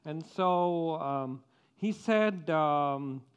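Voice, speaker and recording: A man making church announcements as pastor, speaking haltingly with frequent restarts and pauses. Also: fairly high pitch, smooth, muffled recording.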